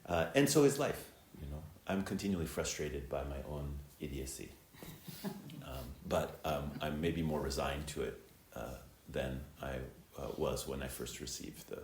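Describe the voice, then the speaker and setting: Very deep-voiced man, reflective dharma talk. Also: expressive, a little mellow, slight background noise. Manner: reflective, unhurried, many filler words. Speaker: Zen teacher and preceptor. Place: temple hall. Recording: echoey temple hall, faint ambience.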